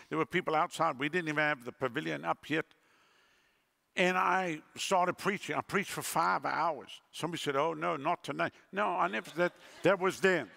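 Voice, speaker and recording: A high, bright male voice with a gravelly edge, belonging to a middle-aged evangelist preaching. He tells his story like a performer, jumping up in pitch whenever he acts out a line of dialogue. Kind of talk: sermon storytelling.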